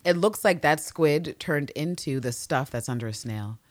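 Low-voiced animated woman podcast co-host. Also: moderate pace, dry recording. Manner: animated and jokey, swears freely, laughs often. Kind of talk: casual chat recapping a TV episode.

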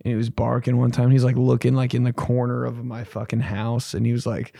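A man's voice: little pitch movement, brisk, vocal fry, dark tone, no room sound, clean studio sound. A young man hosting a comedy podcast, telling a rambling, profane story and jumping into silly voices. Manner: profane, rambling, acts out voices with big pitch jumps.

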